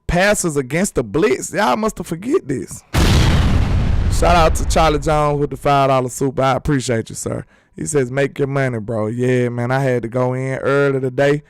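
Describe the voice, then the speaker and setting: A man's voice: medium pitch, clean tone, dry recording, clean studio sound. A man hosting a sports channel in a casual live-stream chat, talking loosely and reading viewers' comments aloud.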